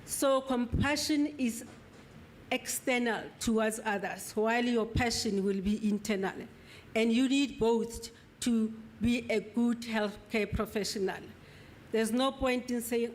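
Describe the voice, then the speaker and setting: A middle-aged woman delivers a motivational address at a graduation ceremony. Her voice sits slightly high, and she speaks earnestly and emphatically. She brings the quoted voices to life as she speaks. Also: a little slow, slight background noise. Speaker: speaker at an oath-taking ceremony. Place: ceremony hall.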